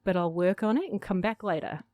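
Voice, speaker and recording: A woman from Arizona chatting as a guest in a radio interview, upbeat and quick to laugh at herself. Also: medium pitch, mellow, no echo. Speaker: guest, stage actor. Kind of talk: casual interview chat.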